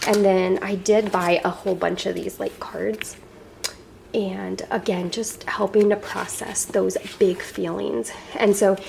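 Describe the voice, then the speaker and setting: Chatty, rambling young mom. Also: female voice, mid-range voice, vocal fry, a little mellow, a little hiss or hum. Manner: rambling, chatty, many fillers and asides. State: slightly out of breath. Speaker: homeschooling mom vlogger. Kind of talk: casual home tour chat. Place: home living room.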